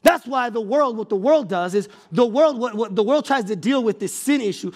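High-pitched man preaching with shouted emphasis. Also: animated, normal speed. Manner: repeats words and restarts phrases. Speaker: pastor. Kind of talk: sermon.

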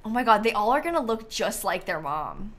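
Chatty woman streamer, lively pitch. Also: fairly quick. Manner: chatty, thinking aloud while playing. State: sleepy, yawning. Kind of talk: casual gameplay commentary.

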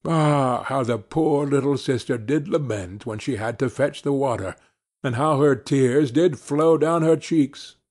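A man narrating a fairy tale slowly and expressively for a children's audiobook. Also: medium pitch, slightly rough. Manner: slow, expressive storytelling.

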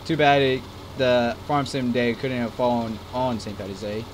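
A man's voice: medium pitch, fairly even intonation, normal speed, a little hiss or hum. Chatty man narrating his farming game. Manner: rambling, self-deprecating, chatty. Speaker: gaming channel host. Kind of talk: casual gameplay commentary. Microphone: desk microphone. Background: farm game engine sounds.

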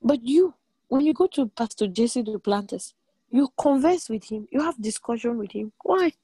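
A woman delivers a sermon in an animated, emphatic way, often repeating a line for weight. Her voice sits a bit high, mellow and a little husky. The sound is dry and close, with no room around it. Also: normal speed, no room sound. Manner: animated, emphatic preaching with sudden pitch jumps and repeated lines. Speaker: preacher.

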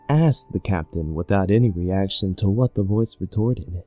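A man narrating a horror story in a measured, scripted voice. His tone is fairly low and dark, steady and deliberate. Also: no room sound, faint music behind.

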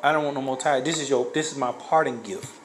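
A man's voice: mid-range voice, fairly even intonation, fast talker, noisy background. A man casually telling a personal story, rambling with many fillers and restarts. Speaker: guest sharing a testimony.

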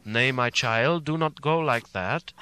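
A man's voice: mid-range voice, pushed and bright, smooth. A man voicing Van Helsing, grave old professor. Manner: grave, urgent, measured speech. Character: elderly male professor, grave and commanding, kindly.

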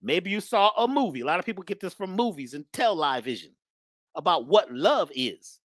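A woman's voice: on the low side, very animated, moderate pace, no room sound, clean studio sound. A woman giving an emphatic spiritual talk in a preachy manner, often repeating her phrases. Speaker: spiritual speaker.

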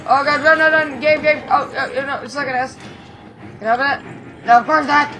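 A woman's voice: sits high, fairly even intonation, a little fast, sharp tone. A woman hosting a horror game playthrough, joking and cursing, yelping at scares, her voice getting worn from screaming. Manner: jumpy, yelps and screams at scares; joking, swears a lot. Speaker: gaming video host. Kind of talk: let's-play commentary.

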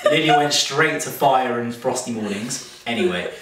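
A man's voice: medium pitch, expressive, normal speed, fairly bright tone, heavy reverb, distant mic, slight background noise. A man hosting a casual chat to camera at home, joking and laughing often. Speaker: vlog host. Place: home room.

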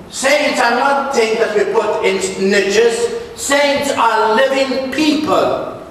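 High-voiced priest preaching in an echoey church. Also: male voice, a bit bright, a little hiss or hum. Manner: emphatic, preaching with dramatic drops and rises. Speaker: Catholic priest. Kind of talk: sermon. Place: large church. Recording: echoey church hall from far off.

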